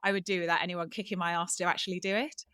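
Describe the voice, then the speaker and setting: An English woman in her thirties, a business coach telling her story as a podcast guest in a lively, candid way. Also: fairly low pitch, racing, smooth, no echo, clean studio sound. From England. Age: 30s. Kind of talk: casual interview chat.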